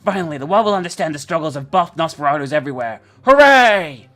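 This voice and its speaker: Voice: medium pitch, racing, fairly bright tone, soft background music. A player chatting casually while gaming, swearing freely and reading the game's narration aloud with dry timing. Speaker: video game player.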